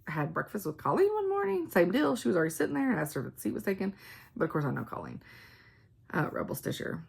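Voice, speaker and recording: Gravelly, chatty woman vlogger. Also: mid-range voice. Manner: rambling, animated quoting of others, frequent ums. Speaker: cross-stitch vlogger. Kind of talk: casual chatty storytelling.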